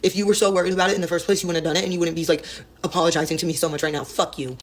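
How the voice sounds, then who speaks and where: Woman, quick blunt vlog rant, profanity everywhere, fast delivery. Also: on the low side, steady tone. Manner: blunt, heavy swearing. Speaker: exotic dancer.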